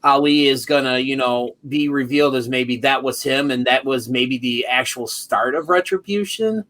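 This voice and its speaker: A man's voice: mid-range voice, normal speed, a bit bright. A man co-hosting a wrestling podcast in casual chat. He rambles with lots of fillers and restarts, and acts out the lines he imagines wrestlers saying. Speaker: podcast co-host.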